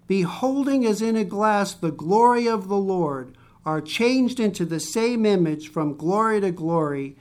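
Preacher with a conversational, joking delivery. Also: medium pitch. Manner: conversational, joking asides, reads scripture slowly. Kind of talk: sermon, Bible teaching.

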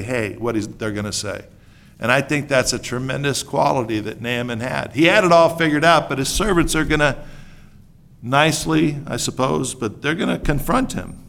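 Animated male preacher with a bright voice. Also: medium pitch, moderate pace, gravelly. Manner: animated, swings from hushed asides to loud outbursts; conversational, jokes with the congregation. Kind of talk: sermon.

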